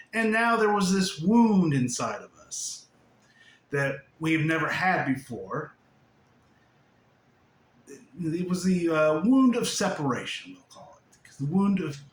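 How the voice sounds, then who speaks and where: A man with a fairly high voice gives a spiritual talk, laughing often. His pitch leaps around as he swings between loud and hushed. It sounds like an echoey room with a faint hiss behind. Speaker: spiritual teacher.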